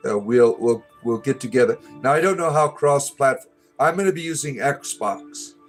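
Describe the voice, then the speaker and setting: A man rambles through a casual livestream chat, joking with his viewers and stumbling through fillers and restarts. His voice sits at an ordinary middle pitch. Faint music plays behind him. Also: expressive, moderate pace. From United States. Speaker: livestream host.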